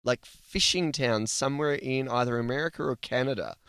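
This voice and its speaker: A man's voice: mid-range voice, brisk, a bit bright, clear, resonant tone, no room sound. A man with an Australian accent, co-hosting a casual podcast chat, rambling and laughing often. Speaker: podcast co-host.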